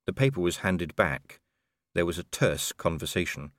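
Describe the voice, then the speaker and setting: A man's voice: sits low, animated, normal speed, a bit bright, dry recording. A man reading an audiobook in a dry, wry storytelling manner. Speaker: audiobook narrator. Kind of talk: scripted narration.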